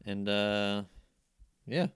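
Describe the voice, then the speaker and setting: A man in casual chat, summarizing a plot in a halting way with fillers. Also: on the low side, steady tone, clean tone, no room sound, studio quality.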